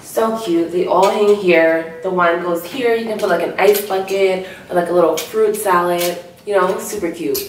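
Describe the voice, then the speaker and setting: A woman's voice: lowish voice, steady tone, normal speed, hardly any pauses, a little hiss or hum. A young woman vlogging at home, gushing over gifts with lots of "like", her voice worn down by a cold. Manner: bubbly, gushing, lots of "like" and "so cute". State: sick, losing her voice. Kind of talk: casual chat to camera. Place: home room, indoors. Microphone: camera mic from a distance. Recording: echoey room, mic from far off.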